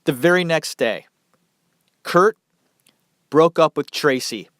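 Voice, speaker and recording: Male podcast host, nasal and congested with a cold, unhurried, dry close sound, casual and profane. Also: a little high, lively intonation, a bit bright, dry recording. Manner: loose and profane, chatty asides. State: stuffy head cold.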